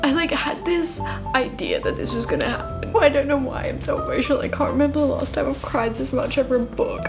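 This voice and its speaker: A woman's voice: sits high, expressive, brisk, creaky, music in the background. Emotional, gushing young woman book vlogger. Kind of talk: casual reading vlog.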